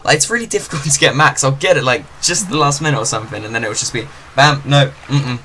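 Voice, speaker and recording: A gaming channel host speaks fast in a medium pitch with a sharp tone. He chats and rambles casually about a farming game, using lots of fillers. Behind him is the game's ocean noise.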